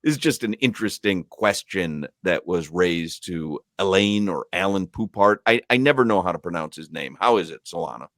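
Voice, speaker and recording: Low-voiced man hosting sports radio. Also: animated, moderate pace, hardly any pauses, a bit bright, dry recording, clean studio sound. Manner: conversational, reads listener emails aloud. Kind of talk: casual sports talk radio chat. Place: radio studio. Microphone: studio microphone.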